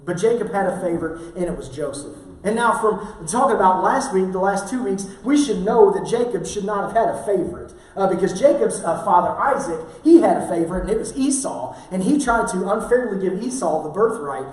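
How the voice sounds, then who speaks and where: A man's voice: sits high, animated, brisk, hardly any pauses. A male pastor preaching a sermon, telling stories casually with many fillers. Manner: casual storytelling with frequent fillers. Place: church sanctuary. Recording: very echoey church hall from far off.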